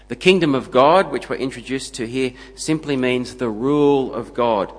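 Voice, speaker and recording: Male preacher, mid-pitched, emphatic sermon delivery, long hall reverb. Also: normal speed, few pauses. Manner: emphatic, building to punchy lists.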